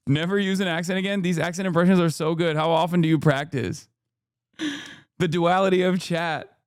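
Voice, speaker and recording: A man hosting a live news reaction stream, talking casually and incredulously in an animated rant. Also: a little high, brisk, clean tone, dry recording, studio quality. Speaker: streamer host.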